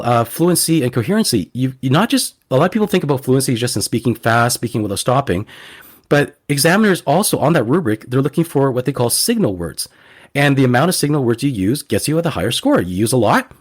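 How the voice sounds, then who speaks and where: A man's voice: mid-range voice, very animated, fast, slightly rough. A man, a guest teacher on a podcast interview, earnestly giving advice and often repeating words as he restarts.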